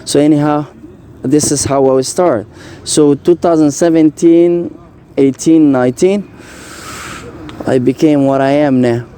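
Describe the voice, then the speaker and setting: A man's voice: a little high, steady tone, dark tone, a little hiss or hum. Earnest young man telling his story. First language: French. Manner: earnest, halting, with many fillers and restarts. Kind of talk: personal story in casual talk.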